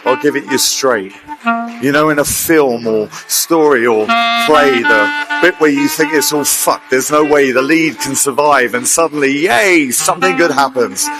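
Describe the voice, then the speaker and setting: Blunt wry God read out by a man, matter-of-fact, spoken-word piece, music under, mid-pitched. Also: measured pace, lightly acted. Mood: calm. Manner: matter-of-fact, swearing, teasing. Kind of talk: spoken-word poem recital. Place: large concert hall stage.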